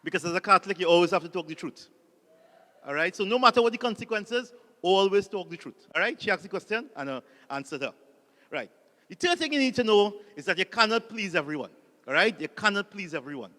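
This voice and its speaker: High-voiced Trinidadian priest, jokey. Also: male voice, lively intonation, a little fast, pushed and bright, in a large hall. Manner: jokey storyteller, calls on the audience to repeat lines. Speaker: Catholic priest and speaker. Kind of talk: humorous motivational talk.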